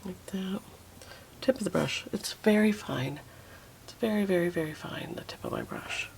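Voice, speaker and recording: A woman's voice: on the low side, moderate pace, gravelly, a little hiss or hum. A woman teaching a watercolor painting tutorial, talking to herself as she works and often slipping into a whisper. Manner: soft, often drops to a whisper while painting; relaxed, self-talking, fond of little asides.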